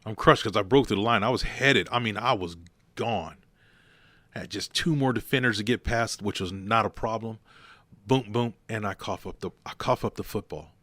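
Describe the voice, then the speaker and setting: A man's voice: fairly low pitch, normal speed, bright, forceful tone, no room sound. Blunt, emphatic male podcast host. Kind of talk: motivational podcast monologue.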